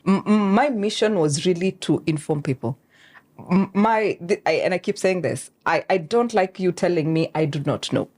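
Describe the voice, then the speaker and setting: A woman, a guest telling how she founded her show, in animated storytelling full of fillers and quoted asides. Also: lowish voice, normal speed. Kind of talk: conversational interview.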